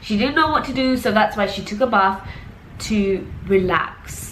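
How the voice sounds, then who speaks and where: A woman's voice: mid-range voice, normal speed, fairly bright tone, a little hiss or hum. A young woman casually retelling a true crime story, chatty and full of filler words. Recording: echoey room.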